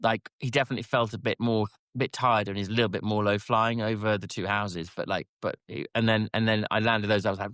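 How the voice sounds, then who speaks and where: A man's voice: on the low side, fairly even intonation, fast, few pauses, a bit bright, no echo, clean studio sound. A man, a rider guest on a podcast, telling his story animatedly, self-deprecating, with lots of restarts. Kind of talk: casual interview chat.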